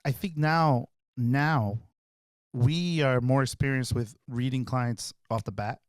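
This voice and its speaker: A man's voice: medium pitch, slow, dry recording, studio quality. A middle-aged man, a podcast guest, telling stories in a casual street manner and acting out the people in them. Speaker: podcast guest, artist and photographer. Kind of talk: animated storytelling.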